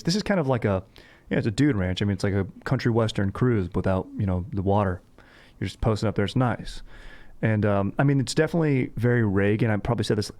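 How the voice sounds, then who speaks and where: A man's voice: lowish voice, a little mellow. A young man hosting a podcast in laid-back, slangy casual chat, peppering his talk with "dude". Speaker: podcast host.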